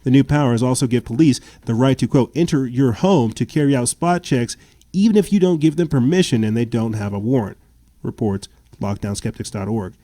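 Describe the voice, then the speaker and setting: A man's voice: mid-range voice, brisk, dark tone, no echo. A man hosting a political commentary podcast, reading news reports aloud and adding sarcastic, indignant remarks with stammered restarts. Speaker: podcast host.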